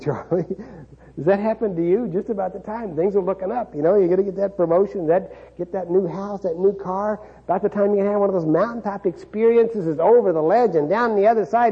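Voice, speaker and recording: A man's voice: sits high, animated, fairly quick, slightly rough. A middle-aged man from Kansas giving a motivational speech, telling a dramatic personal story with wry humor and frequent chuckles. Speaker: keynote speaker. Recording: dull lo-fi recording.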